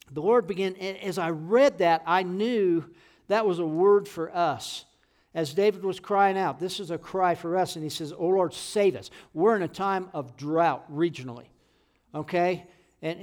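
A middle-aged man preaches in an earnest, conversational way. His voice sits a little high. When he quotes scripture, it climbs into loud, fervent pleading. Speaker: pastor. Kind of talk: sermon.

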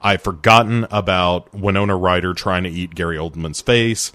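Very low-voiced man riffing on movies. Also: no room sound. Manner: wry, animated storytelling with quick asides. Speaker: podcast co-host. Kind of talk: casual movie review chat.

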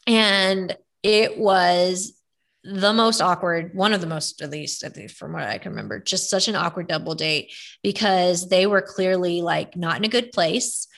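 Young woman, podcast host, chatty and animated, clear bright tone. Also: on the low side, measured pace. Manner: animated storytelling, lots of fillers. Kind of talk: casual chat.

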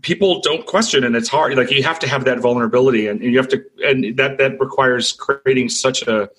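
A man's voice: mid-range voice, a little fast, a bit bright, husky. A man on a casual panel chat, reflecting and telling an anecdote with frequent restarts.

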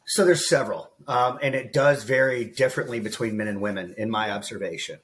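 A man's voice: fairly low pitch, fairly quick, a little hiss or hum. Earnest man speaking with raw emotion. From United States. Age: about 40. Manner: emotional, earnest, calls the host bro and man. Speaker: guest, transformation coach. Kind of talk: candid podcast interview.

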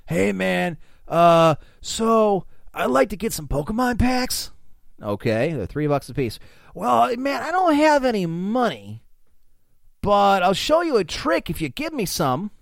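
A man's voice: high-pitched, very animated, measured pace, gravelly, no echo, studio quality, voice pushed up, exaggerated voice. A man voicing a stoned, laid-back surfer hippie who drawls along easily. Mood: mellow. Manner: drawling and easygoing.

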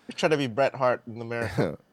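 A man's voice: medium pitch, fairly quick, no room sound, low-quality recording. A man from Canada co-hosting a podcast, teasing with short, dry replies. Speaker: podcast co-host. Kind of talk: casual podcast banter.

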